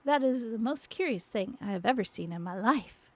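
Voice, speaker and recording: A woman's voice: fairly high pitch, lively intonation, moderate pace, a little hiss or hum, close to an everyday voice. A woman voicing a polite, curious and slightly timid young girl in a storybook reading. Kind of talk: storybook reading on a live stream.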